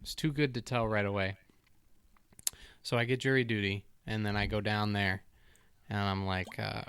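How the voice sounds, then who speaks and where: A man's voice: on the low side, flat delivery, moderate pace, a bit bright, clean tone, no echo. A man co-hosting a podcast, telling a story in a chatty, self-mocking way. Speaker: podcast co-host. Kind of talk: casual storytelling.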